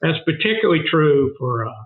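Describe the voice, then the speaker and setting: Fairly high-pitched and animated, this older Southern US man talks fairly quickly as a guest in a casual interview. He founded a food bank, and he tells his stories earnestly and emphatically, repeating for stress, over narrow phone-like audio.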